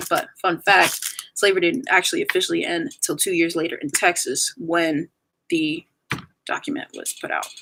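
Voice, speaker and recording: A woman's voice: lowish voice, a bit bright. A woman in her twenties chatting casually on a livestream and reading viewer comments aloud.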